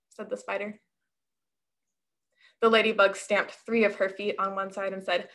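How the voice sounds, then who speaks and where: A woman telling a story for all ages in a worship service, narrating with wry, lively storybook timing. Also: medium pitch, normal speed.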